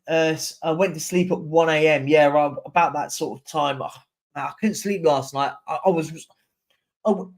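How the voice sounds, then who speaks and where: A young man hosting a live stream, chatting casually and answering viewer comments as they come in. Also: on the high side. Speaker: livestream host.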